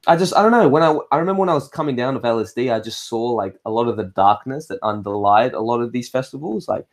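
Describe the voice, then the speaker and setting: An Australian man chats casually and fast on a livestream, his mid-range voice full of lively intonation. He rambles, swears freely and often restarts his sentences, reading viewer comments aloud and answering them as they arrive.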